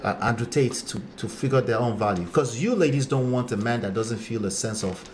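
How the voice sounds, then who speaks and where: A man hosts a live stream and coaches viewers on relationships. He lectures bluntly and turns to the men listening. His voice sits at a middle pitch, with faint noise behind it. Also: brisk, a little mellow. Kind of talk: live-stream chat reading viewer comments.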